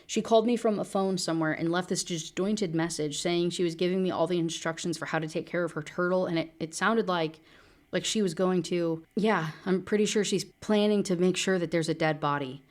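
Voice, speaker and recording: A woman reading a young man losing it, grieving and accusing, voice sits on the low side, words tumbling out like a plea. it's an audiobook-style read inside a book review. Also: fairly even intonation, a little fast, lightly acted. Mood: anxious.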